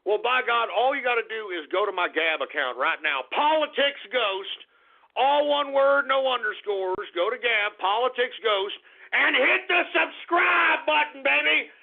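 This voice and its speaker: A man's voice: high voice, lively intonation, normal speed. Brash profane male radio host. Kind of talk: irreverent call-in radio monologue. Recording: tinny phone-line radio stream.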